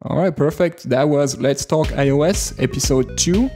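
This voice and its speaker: Mellow-voiced man with a French accent. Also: on the high side, moderate pace, faint music behind. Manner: relaxed, rambling with many fillers. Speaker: podcast co-host. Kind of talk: casual podcast chat.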